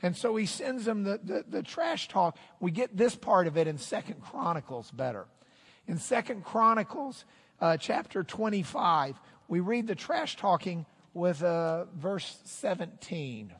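A man preaching a sermon as pastor, telling the story with lively, animated delivery and acting out the quotes. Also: high-pitched, unhurried, breathy edge, long reverb tail. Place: church sanctuary.

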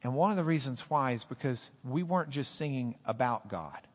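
A man preaching a sermon as pastor, rising loud and high when he quotes scripture and dropping low and quiet to explain. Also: lively intonation, a little fast. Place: church sanctuary. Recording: echoey hall.

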